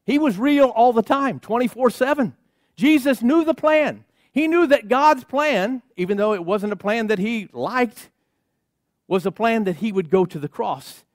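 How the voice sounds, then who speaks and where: High-voiced, emphatic pastor preaching. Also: male voice, expressive, a little slow, no room sound, clean studio sound. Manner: emphatic, rhythmic repetition with call-outs to the congregation. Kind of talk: sermon. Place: church sanctuary.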